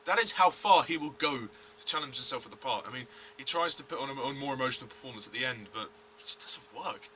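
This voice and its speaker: A man's voice: mid-range voice, expressive, quick pace, hardly any pauses, sharp tone, slight background noise. A man giving a blunt, rambling review of a TV episode, full of fillers and restarts. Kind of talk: casual review vlog.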